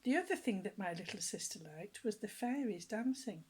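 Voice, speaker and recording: A woman reading a children's story aloud with a gentle, animated storytelling manner. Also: mid-range voice, moderate pace, slightly rough.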